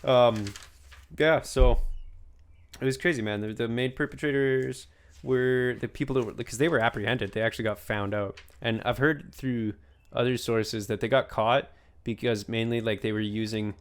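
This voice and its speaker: A man's voice: mid-range voice, fairly even intonation, normal speed, clear, resonant tone. A young man hosting a casual podcast chat, rambling through a story. He laughs often and keeps tagging his lines with "man.". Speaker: podcast host.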